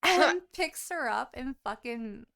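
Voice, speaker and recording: A woman co-hosting a podcast, retelling a book's plot in casual chat, animated and full of swearing. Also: sits high, slow, creaky. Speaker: podcast co-host.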